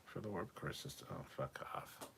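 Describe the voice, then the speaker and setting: A man's voice: low voice, normal speed, gravelly, a bit bright, a little hiss or hum. A man hosting a casual livestream, reading viewer comments aloud and answering them in an offhand, profane way. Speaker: livestream host reading chat. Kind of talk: casual live chat.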